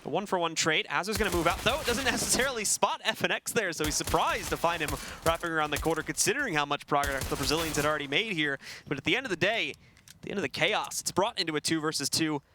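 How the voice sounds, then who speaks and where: A man calling a live esports match play by play, energetic and rapid, speaking into a headset. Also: a little high, background noise. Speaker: esports commentator.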